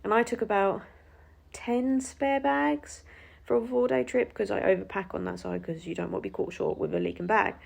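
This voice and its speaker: A woman's voice: on the high side, expressive, normal speed, creaky. A woman telling an indignant story to camera, swearing freely and acting out what was said. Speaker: vlogger.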